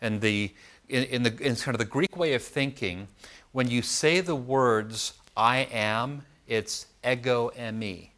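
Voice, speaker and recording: Man, Bible study preacher, conversational, mid-pitched voice, asks "okay?" often. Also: unhurried, a bit bright. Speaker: preacher teaching scripture.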